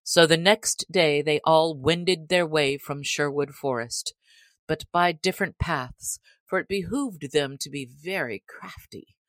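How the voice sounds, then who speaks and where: A woman narrates an old adventure tale in a measured, even manner. Her voice sits low and her pace is slow and deliberate. The recording is close and dry with no room sound. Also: no echo. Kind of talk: storybook reading.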